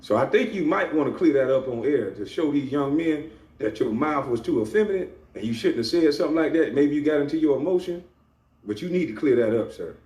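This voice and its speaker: A man's voice: fairly high pitch, lively intonation, brisk, a little mellow. A middle-aged man rants to camera. He is profane and taunting, and he laughs at his own jabs. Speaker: vlogger. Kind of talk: confrontational rant to camera. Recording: echoey room, off-mic, faint ambience.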